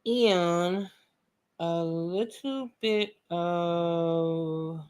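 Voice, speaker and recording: A young woman with a lowish voice hosts a relaxed painting tutorial from her home studio. She chats with viewers like friends, tossing in jokes and asides. She often clears her throat as she talks. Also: extremely slow. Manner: frequent laughs and throat clearing. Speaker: art tutorial host. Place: home studio with a fan running.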